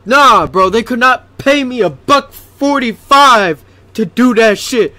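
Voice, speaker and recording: A man's voice: sits high, lively intonation, slow, bright, forceful tone, no room sound. A young man commentating a horror game, jumpy and swearing, often panicking. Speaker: gaming YouTuber.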